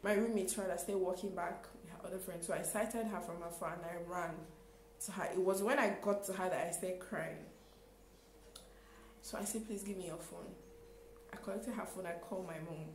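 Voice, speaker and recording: A young woman, telling a storytime in an animated, exclaiming way with acted-out quotes. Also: lowish voice, moderate pace, roomy sound, a little hiss or hum, low-quality recording. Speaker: vlogger. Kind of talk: storytime vlog.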